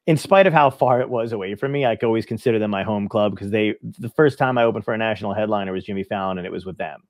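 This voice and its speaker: A lowish male voice races along with no room sound behind it. He's a stand-up comic living in Brooklyn, New York, raised in New Jersey, telling stories on a loose, foul-mouthed podcast and imitating whoever he's quoting.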